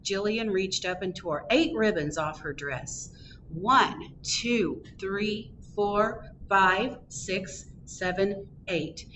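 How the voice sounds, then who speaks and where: A woman reading a picture book aloud at a library storytime, with expressive storytelling. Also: medium pitch, slow pace, a little hiss or hum. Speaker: storytime reader. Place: public library.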